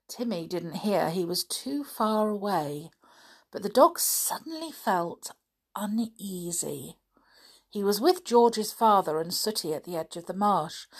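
Woman narrator, children's audiobook, slow, animated. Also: lowish voice. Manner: expressive, dramatic reading. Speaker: storyteller.

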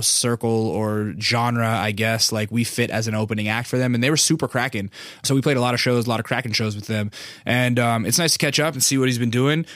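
A man's voice: medium pitch, a bit bright, no echo, clean studio sound. Casual, profane man telling a story. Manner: profane, rambling, lots of fillers. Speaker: podcast host.

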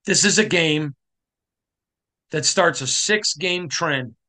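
A middle-aged man from Michigan delivers a sports podcast monologue with fervent conviction. His voice sits high for a man and rings bright and forceful. He hammers short phrases and pushes them up toward a shout. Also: slow pace. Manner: passionate, emphatic, rising to shouting. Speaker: podcast host.

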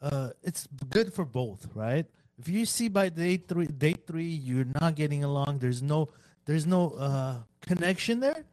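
A man chatting on a podcast, throwing in teasing remarks and quick comments. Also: on the high side, expressive, darkish tone, no echo. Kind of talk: casual podcast chat.

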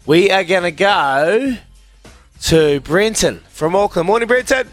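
A man with a New Zealand accent hosting a breakfast radio quiz, bantering quickly and cheekily with callers. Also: high voice, expressive, no room sound, faint music behind. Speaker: radio quizmaster.

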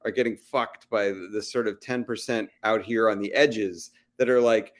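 At a live podcast show held in a restaurant, a comedy TV writer joins as a guest, speaking thoughtfully and hedging a lot while acting out quoted voices. His voice is fairly low and steady, at normal speed, in a casual conversation.

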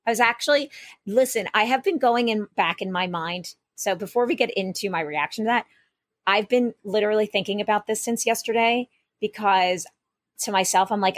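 A woman's voice: mid-range voice, moderate pace, dry recording, clean studio sound. A woman co-hosting a casual podcast, telling a rambling story with many restarts and asides. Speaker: podcast co-host.

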